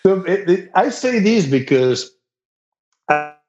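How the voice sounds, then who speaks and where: A man from Spain with a thick Spanish accent, a musician chatting casually, halting and repeating words, laughing often. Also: high voice, very animated, darkish tone. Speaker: musician guest. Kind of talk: casual podcast chat. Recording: roomy, dull lo-fi recording.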